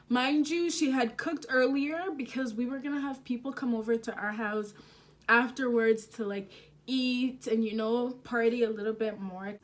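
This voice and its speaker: A young woman telling a story to the camera at home, animated and casual, swearing freely and using slang. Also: sits high. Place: home, indoors.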